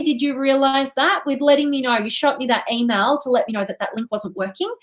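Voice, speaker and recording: High-voiced woman coach, bubbly and effusive, reading out viewer comments live. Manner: gushing, effusive, thanks viewers by name. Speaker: life coach hosting a live training.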